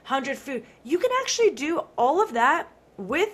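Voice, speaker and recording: A woman in her thirties hosting a podcast, talking in a chatty, animated way full of "like" fillers. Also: sits high, unhurried. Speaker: podcast host. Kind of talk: casual conversational chat.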